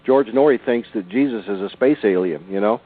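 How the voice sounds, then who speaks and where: A man's voice: lowish voice, brisk. A man in his sixties, a guest on a radio show, telling stories in an earnest, emphatic way over the phone. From Southern California. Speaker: author and researcher guest. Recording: tinny phone line.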